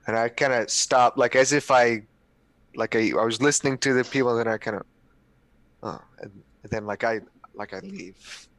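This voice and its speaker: A man's voice: mid-range voice, a little fast, a bit bright, no room sound, poor audio. A man playing a tabletop game, talking in and out of character in a rambling way full of fillers. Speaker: player. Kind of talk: in-character tabletop role-play.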